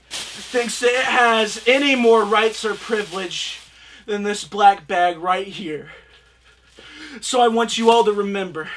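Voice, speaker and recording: A channel host giving a comic, overwrought product review, swinging into tearful, preachy shouting. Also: mid-range voice. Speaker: reviewer hosting own channel. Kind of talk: comedic over-the-top product review.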